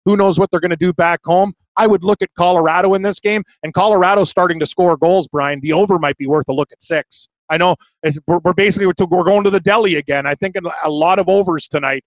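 A man's voice: high-pitched, steady tone, fast, few pauses, no room sound. A man with a Canadian accent co-hosting a sports betting podcast, giving emphatic, confident picks. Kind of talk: casual sports betting chat.

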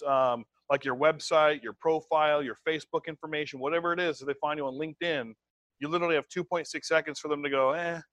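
Lively man giving a sales seminar. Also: fairly high pitch, dry recording. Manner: energetic, acts out voices and whispers. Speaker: sales trainer. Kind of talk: motivational seminar talk.

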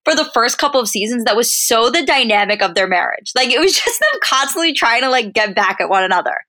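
A woman's voice: fairly high pitch, big pitch swings, pushed and bright. A young woman co-hosting a podcast, chatting enthusiastically, laughing easily and saying "like" often. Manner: enthusiastic, quick to laugh, uses "like" a lot. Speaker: podcast co-host. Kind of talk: casual chat.

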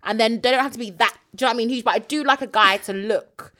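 Bright-voiced young woman. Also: on the high side, quick pace. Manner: candid, laughing, lots of fillers. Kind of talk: casual chat.

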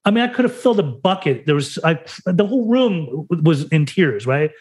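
A man's voice: fairly high pitch, sing-song, brisk, darkish tone, slightly rough. A man from the United States talking openly and emotionally as a podcast guest, swearing freely and acting out the dialogue as he tells his story. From United States (Salt Lake City). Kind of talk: candid personal storytelling in conversation.

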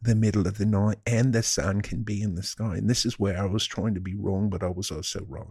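Deadpan guy riffing on a podcast, mellow husky voice, dry close sound. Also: on the low side, brisk, no echo. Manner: deadpan, mock-serious rambling. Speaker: podcast co-host. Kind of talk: casual comedic chat.

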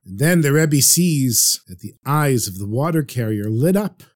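A man narrating a traditional story for a podcast in an earnest, lively way. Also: mid-range voice, a little slow.

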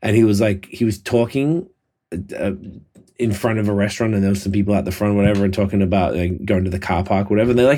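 A laid-back man with a Canadian accent co-hosts a casual podcast and keeps the talk moving from topic to topic. His voice sits fairly low, and he swears freely without ever sounding heated. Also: fast, dark tone. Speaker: podcast co-host. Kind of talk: casual chat.

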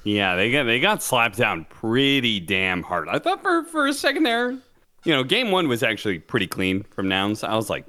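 A young man with a bright, ringing voice chats casually as co-host of a podcast. His pitch swings widely as he acts out other people's lines, and he swears freely. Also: wildly swooping pitch, normal speed. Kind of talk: casual chat.

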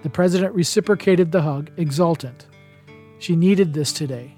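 A man reading a chapter of a holiday novel aloud as a podcast narrator, in a steady, even storytelling manner. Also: on the high side, normal speed, faint music behind. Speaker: podcast reader. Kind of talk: audiobook narration.

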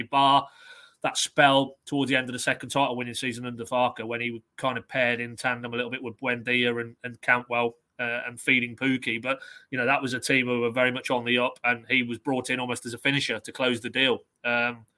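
A man who reports on football, giving measured analysis on a podcast and reading quotes from his notes. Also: mid-range voice, sharp tone.

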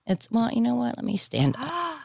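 A woman's voice: fairly high pitch, very animated, moderate pace, creaky, a little mellow, breathy edge, dry recording, clean studio sound. A woman guest on a podcast, chatting playfully and teasing the hosts. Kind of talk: casual chat.

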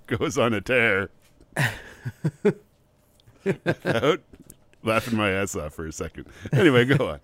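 A man's voice: medium pitch, very animated, takes it slowly, pauses often, a bit bright, no echo. A man co-hosting a podcast, chatting casually with joking asides and easy laughter. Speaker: podcast co-host. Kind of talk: casual chat.

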